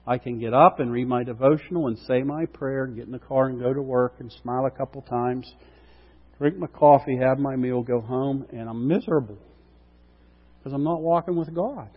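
A man preaching a sermon with emphatic rhetorical questions, dropping quiet and then rising loud. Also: mid-range voice, moderate pace, slightly rough. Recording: dull sound with long reverb.

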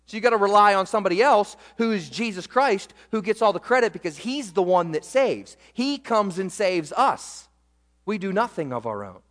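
A young man preaching a sermon as pastor, animated and emphatic, repeating words for weight. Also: sits high, normal speed. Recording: echoey hall reverb.

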